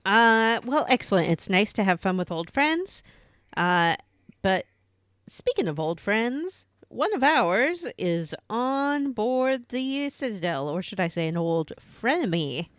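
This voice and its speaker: A woman's voice: medium pitch, sing-song, takes it slowly, fairly bright tone, no echo, clean studio sound. A woman co-hosting a casual podcast, recapping a video game in a playful, storytelling way.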